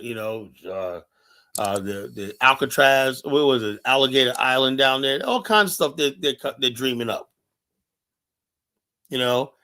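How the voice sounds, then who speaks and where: A man's voice: mid-range voice, sharp tone. A man from the United States hosting a live stream, delivering an urgent, impassioned monologue and repeating his points with many fillers.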